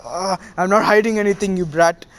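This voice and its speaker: A man's voice: sits high, a little fast, close to an everyday voice. A man voicing a grumpy, proud male fox spirit who snaps and calls the boy a brat.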